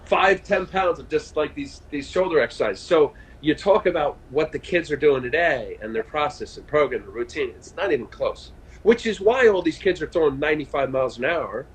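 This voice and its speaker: A man in his fifties, a former pitcher, telling stories in a casual interview over a video call, animated and full of fillers and restarts. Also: a little fast, rough recording. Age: 50s. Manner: chatty storyteller, animated, frequent fillers and restarts. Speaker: guest, former baseball pitcher.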